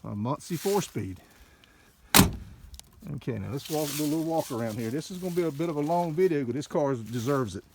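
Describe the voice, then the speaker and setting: An older man, a car dealer, giving an excited, folksy walkaround and talking to viewers as folks, recorded on a handheld camera mic. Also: a little high, brisk, noisy background. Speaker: classic car dealer showing a car. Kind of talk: casual walkaround narration.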